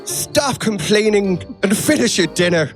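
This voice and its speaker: A man's voice: high voice, animated, a little slow, soft background music, pitched above the performer's own voice. A man voicing a spiteful old woman prankster with a put-on Irish accent, squealing and teasing.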